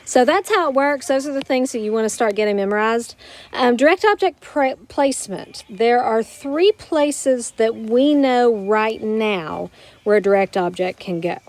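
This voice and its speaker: A woman teaching a Spanish grammar lesson to her students, explaining step by step and slowing down to model each Spanish word. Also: on the high side, a little mellow, no room sound. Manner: patient, explanatory, slows down to model Spanish words. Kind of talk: recorded classroom grammar lesson.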